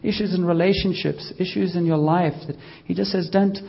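Husky, gently joking preacher man. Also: high voice, steady tone, brisk, highs cut off. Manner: gentle, joking, coaxing the congregation. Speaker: pastor leading healing prayer. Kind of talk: informal church healing session.

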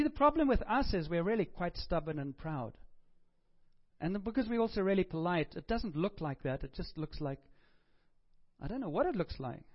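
Man, middle-aged, pastor, high-pitched, chatty joking sermon, muffled lo-fi sound. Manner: chatty, joking, conversational preaching.

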